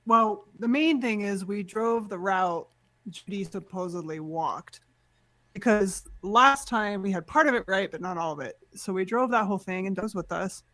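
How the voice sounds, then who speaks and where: A woman's voice: medium pitch, normal speed, fairly bright tone, dry recording. Earnest woman, dry close sound. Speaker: podcast team member. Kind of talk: casual chat.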